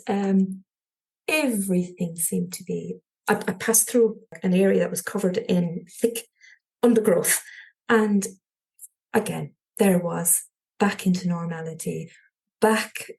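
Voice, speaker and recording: A woman with a Cork Irish accent, a podcast guest telling a personal story in an animated way, often laughing lightly and restarting her sentences. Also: mid-range voice, husky. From Cork, Ireland.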